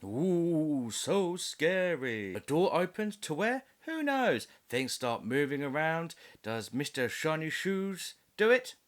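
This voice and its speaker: A man's voice: on the high side, very animated, a little slow, few pauses, fairly bright tone. A man doing a comedic voice-over review of a film, sarcastic and mocking, with frequent laughs.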